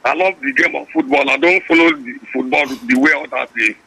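A man calling in to a sports radio show, speaking haltingly and searching for words. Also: mid-range voice, vocal fry, sharp tone, slightly rough, dry recording. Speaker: caller. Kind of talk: phone-in call. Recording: phone line.

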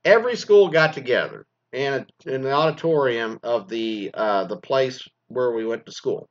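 A man in his forties, a former teacher from Texas, ranting bluntly with constant swearing and animated storytelling. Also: medium pitch, normal speed. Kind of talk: profane ranting monologue. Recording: slightly dull lo-fi recording.

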